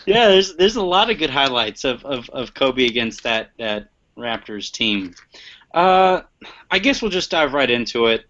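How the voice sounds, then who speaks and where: A man's voice: medium pitch, big pitch swings, unhurried, fairly bright tone. A man hosting a casual sports podcast, joking and laughing often, stumbling over repeated words. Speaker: podcast host. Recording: muffled lo-fi online stream.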